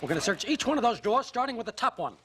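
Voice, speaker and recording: Blustery, rambling team owner; high, lively voice, sitcom boss. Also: male voice, very fast, slight background noise, exaggerated voice. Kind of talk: sitcom acting.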